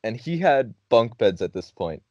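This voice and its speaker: A man's voice: medium pitch, normal speed, dry recording, dull audio. A young man hosting a podcast, telling a funny story casually, cursing often and laughing as he goes. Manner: laughing, profane, animated storytelling. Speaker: podcast host.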